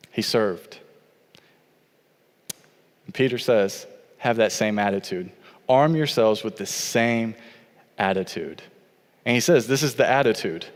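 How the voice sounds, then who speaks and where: A man preaching a sermon as pastor, with an earnest, repetitive cadence. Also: medium pitch. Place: church sanctuary. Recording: long church hall reverb.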